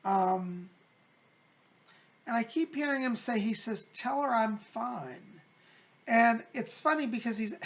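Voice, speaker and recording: Male psychic host with a gravelly voice, reading viewer letters and relaying spirit messages; consoling and chatty. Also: high voice. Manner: gentle, consoling, chatty, calls listeners "hon". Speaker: psychic medium.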